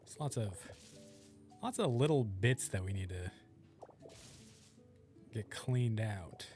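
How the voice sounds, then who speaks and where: Young man, gameplay chat, relaxed, rambling, lively pitch, faint background music. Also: slow pace. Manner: laid-back, rambling, thinks aloud while playing. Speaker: streamer playing a video game. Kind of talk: casual gameplay chat with viewers.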